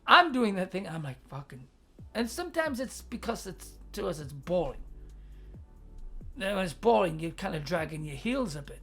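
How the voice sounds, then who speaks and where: A woman's voice: fairly low pitch, big pitch swings, moderate pace, fairly bright tone, slightly rough, soft background music. A woman hosting a livestream advice chat, blunt and swearing freely, laughing often and reading out viewer comments. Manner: reads viewer chat aloud.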